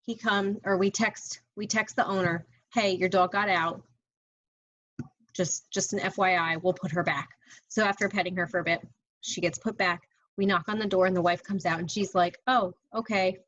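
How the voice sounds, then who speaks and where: A woman's voice: medium pitch, fairly bright tone, breathy edge, no echo, lo-fi sound. A woman in her thirties, a college English instructor, chatting casually to her students from home with exasperated sighs. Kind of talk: casual video update to students.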